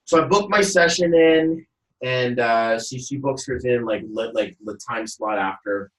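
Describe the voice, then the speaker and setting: A man chats casually on his podcast, bouncing between his own voice and lively impressions of the people in his story. His voice sits in a middle register. The room is echoey and he is set a bit back from the microphone. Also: mid-range voice, measured pace. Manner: animated storyteller who acts out quotes. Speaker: podcast host. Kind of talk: casual chat. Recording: roomy echo, voice a little far off mic.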